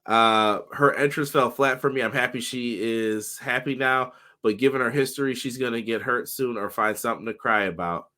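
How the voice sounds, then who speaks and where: Slightly hoarse upbeat podcast host man. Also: medium pitch, steady tone, normal speed, few pauses, pushed and bright. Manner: upbeat, greets chat viewers by name. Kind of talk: casual livestream chat.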